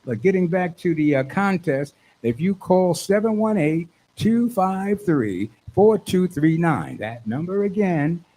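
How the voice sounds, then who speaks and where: A man hosting a radio show in a studio, excitable and fond of repeating his lines for emphasis. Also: a little high, unhurried, hardly any pauses, poor audio. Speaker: radio host.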